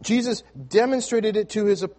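A man preaching a sermon to his congregation, telling a story with frequent restarts and repeated words, swinging between loud emphasis and hushed, near-whispered lines. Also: sits high, steady tone, fairly quick. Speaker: pastor. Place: church sanctuary with congregation.

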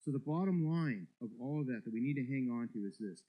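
A man's voice: mid-range voice, lively intonation, fast, mellow, low-quality recording. A male pastor preaching a sermon, emphatic and repeating words as he builds each point.

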